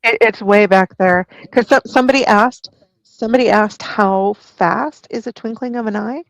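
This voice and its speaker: A woman's voice: medium pitch, moderate pace, no echo, poor audio. A woman co-hosting a casual faith livestream, chiming in with short, eager remarks.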